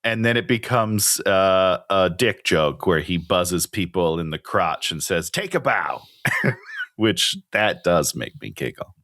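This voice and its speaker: Male podcast co-host, mid-pitched bright voice, dry sound, animated and quick to laugh. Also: no room sound. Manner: animated, laughs often, incredulous commentary. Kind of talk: casual chat reviewing a movie.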